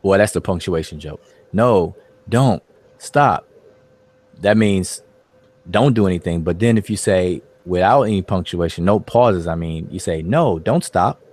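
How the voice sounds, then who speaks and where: A man with a very deep voice leads an online study group. His talk is casual and loose, with repeats and many fillers. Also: moderate pace, darkish tone, no room sound. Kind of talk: casual discussion.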